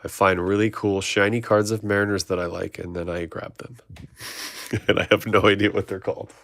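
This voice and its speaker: Guy ripping baseball cards on stream, low voice, dry close sound. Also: flat delivery, fairly quick, vocal fry, a bit bright, dry recording. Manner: rattles off player names, chats with viewers. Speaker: card breaker host. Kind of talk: live card-opening stream chat.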